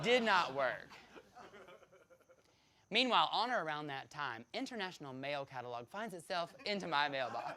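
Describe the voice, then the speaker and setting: A man from the United States telling a personal story to an audience, animated, laughing often and acting out the voices of others. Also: high voice, background noise.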